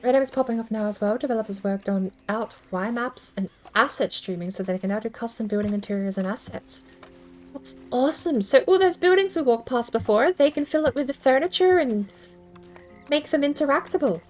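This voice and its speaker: Streaming a video game, a woman chats casually and thinks out loud in a rambling, self-deprecating manner. Her voice is a little high, animated and fairly quick, with a darkish tone. Soft music plays behind her, and the recording quality is low.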